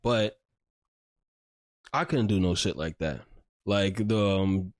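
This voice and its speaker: This podcast host has a deep voice and speaks slowly, with clean studio sound and no room echo. He's chatting casually, meandering through a story packed with fillers and curses.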